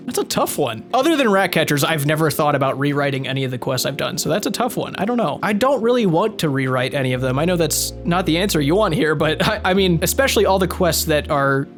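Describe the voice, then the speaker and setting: A man who makes gaming videos, answering viewer questions in a relaxed, casual chat and swearing freely. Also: fairly high pitch.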